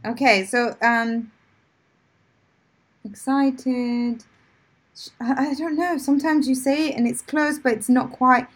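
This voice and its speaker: A woman's voice: sits high, fairly even intonation, takes it slowly, long pauses. A woman with a British accent, an English teacher quizzing a colleague on slang and spelling words out. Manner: patient, spells words letter by letter. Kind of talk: live-stream lesson chat.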